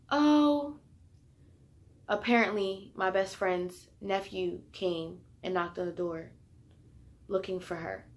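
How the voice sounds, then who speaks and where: A woman telling a personal story in a casual vlog, chatty and full of fillers, turning loud and heated at the tense parts. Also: medium pitch. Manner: grows loud and heated when retelling the fight. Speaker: vlogger.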